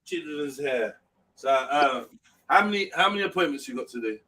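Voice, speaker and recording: A man hosts a casual livestream. His voice sits a little high. He talks in loose, teasing slang and keeps things informal. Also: expressive, moderate pace, pushed and bright, a little hiss or hum. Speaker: livestream host.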